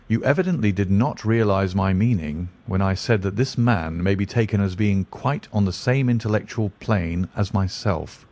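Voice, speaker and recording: A man reading the lines of a calm, clever male detective in a measured, assured way. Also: on the low side, natural voice.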